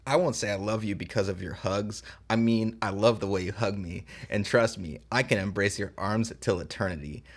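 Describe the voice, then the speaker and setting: A man's voice: on the low side, moderate pace, few pauses. A man reading the part of a charming young man who proposes to his girlfriend, in a script table read. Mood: tender. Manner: earnest, tender romantic delivery.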